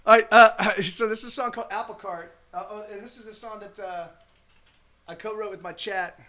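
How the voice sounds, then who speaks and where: A man's voice: high-pitched, fairly even intonation, a little fast, bright, forceful tone. A man streaming live as a musician, chatting casually between songs in a rambling way with many restarts. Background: guitar playing.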